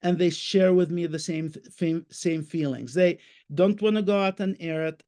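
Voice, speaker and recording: A man with a noticeably high-pitched voice speaks as a guest in an online panel discussion. He is passionate and emphatic, talking in short bursts and restarting his sentences. He repeats words to drive a point home. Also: moderate pace, mellow.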